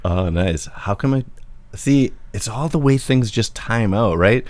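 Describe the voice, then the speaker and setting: A man's voice: lowish voice, expressive, measured pace, no room sound. A man co-hosting a podcast in casual, joking chat, rambling and laughing often. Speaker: podcast co-host.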